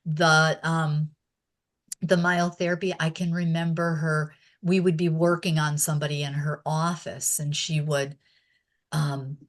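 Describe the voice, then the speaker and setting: A woman's voice: low voice, flat delivery, unhurried. A woman being interviewed, chatting casually as she recalls old stories and laughing often. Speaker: interview guest.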